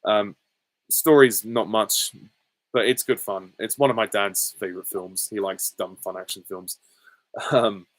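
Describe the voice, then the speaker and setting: Male host from England, casual Q and A, low voice, dry close sound, hesitant and rambling. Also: a bit bright, dry recording, poor audio. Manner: rambling, hesitant, many ums and chuckles. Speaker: channel host answering viewer questions. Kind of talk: casual Q and A chat.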